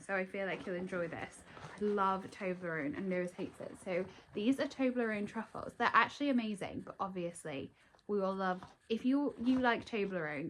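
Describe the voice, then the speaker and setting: A woman's voice: mid-range voice, slight background noise, low-quality recording. Chatty young woman vlogging. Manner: chatty, rambling, lots of um and like. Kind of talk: chatty daily vlog.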